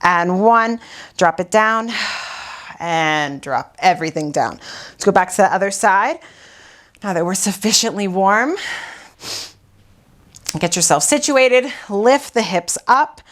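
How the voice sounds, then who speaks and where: A woman's voice: medium pitch, animated, slow, pauses often. A woman pilates instructor guiding a workout while doing it herself, out of breath and sighing between cues.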